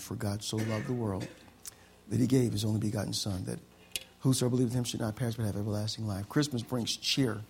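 Male pastor preaching, gravelly mid-range voice, repeats lines as he builds up. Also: medium pitch, a little hiss or hum. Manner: preaching with rising excitement, repeated phrases. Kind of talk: sermon.

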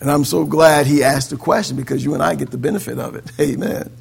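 High-pitched, gravelly-voiced male preacher. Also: quick pace. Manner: animated preaching with quoted voices and laughter; swings between loud emphatic declarations and low quiet asides. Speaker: pastor. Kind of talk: sermon.

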